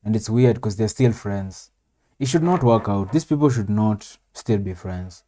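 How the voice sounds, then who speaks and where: A man's voice: on the low side, expressive, unhurried, warm tone, a little hiss or hum. A man casually commenting on a TV episode as he watches, rambling and tacking "man" or "bro" onto his lines. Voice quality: says "man" and "bro" constantly, rambling with fillers. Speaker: reaction video host. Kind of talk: casual commentary over TV clips.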